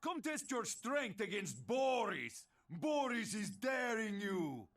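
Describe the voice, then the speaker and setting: A boastful, burly male strongman at a video game carnival with a heavy Slavic accent. He booms and refers to himself in the third person, with a fairly high, animated delivery. He sounds a little distant from the mic. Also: slow pace, exaggerated voice.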